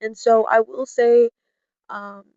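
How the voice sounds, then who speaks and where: Chatty woman vlogger, higher voice. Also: little pitch movement, slow, dark tone, smooth, no echo, lo-fi sound. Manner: chatty, lots of "like" and "you know"; mimics friends in a high playful voice. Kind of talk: candid personal talk to camera.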